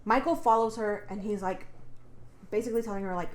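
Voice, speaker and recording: Speaking fairly quickly in a mid-range voice, this woman co-hosts a podcast with a roomy sound. The talk is a casual, meandering retelling of a book's story, peppered with fillers and profanity.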